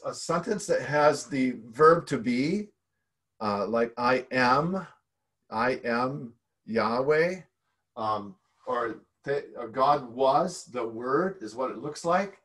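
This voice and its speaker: A man preaching a teaching sermon in a church, explaining step by step with frequent fillers and restarts. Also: on the high side.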